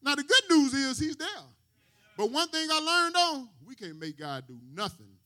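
High-pitched bright-voiced preacher man. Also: very animated, normal speed. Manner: call-and-response preaching, asks the congregation questions. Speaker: pastor. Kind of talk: sermon.

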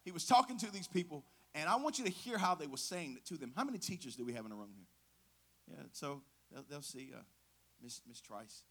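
A man preaching a sermon in a lively, conversational way, asking the congregation questions and using slang. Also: fairly high pitch, fairly quick.

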